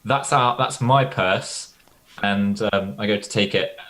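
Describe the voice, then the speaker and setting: A man's voice: fairly low pitch, a little slow, a bit bright. A man speaking as a player in a tabletop game, matter-of-fact.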